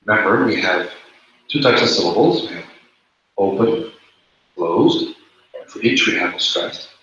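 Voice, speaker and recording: Teaching a class, a man explains rules one step at a time and keeps coming back to the main points. He speaks low, animated and unhurried, with a fairly bright tone. The recording is dull and lo-fi in an echoey room, with a little hiss or hum.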